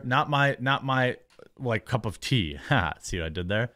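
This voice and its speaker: A man's voice: medium pitch, lively intonation, unhurried, bright, forceful tone. An American man hosting a commentary show, ranting in a sarcastic, dismissive and rambling way. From United States. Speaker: host. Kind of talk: commentary rant.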